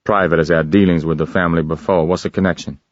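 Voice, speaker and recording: A terse, clipped police contact, voiced by a male narrator, who keeps his answers short. His voice is low and dry, and the recording sounds a little dull. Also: fairly even intonation, fast talker, no echo, lightly acted.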